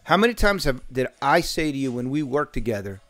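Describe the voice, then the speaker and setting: A man's voice: medium pitch, sing-song, fairly quick, a bit bright. A man in his fifties telling profane, boisterous sales stories in a casual podcast chat. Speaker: podcast host.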